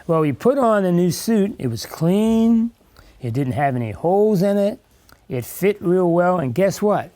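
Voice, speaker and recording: In a dry recording, an older man with a high-pitched, animated, mellow voice reads a little slowly. He's a guest reader in an elementary classroom, sharing a picture book with young children and chatting as he stops to ask and explain.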